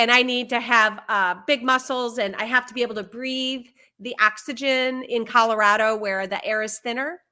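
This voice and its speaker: Woman, high voice, bright tone, parenting educator, animated, acts out example lines. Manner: animated, acts out what a parent or child might say. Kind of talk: conversational advice on a live stream.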